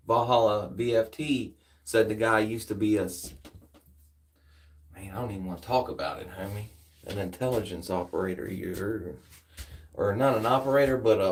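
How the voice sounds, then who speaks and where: A man with a Southern US accent chatting casually with viewers, laid-back and slangy, tired after a workout. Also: fairly low pitch. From United States. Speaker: streamer. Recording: distant from the mic.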